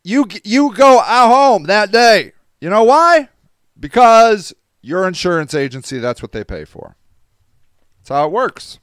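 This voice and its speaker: A tired man with a stuffy nose hosts a casual livestream, rambling and reading viewer comments aloud. His voice sits fairly high and swings widely in pitch. It sounds smooth and clear, recorded close and dry. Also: sing-song, measured pace, a bit bright, no room sound. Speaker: podcast host reading live chat.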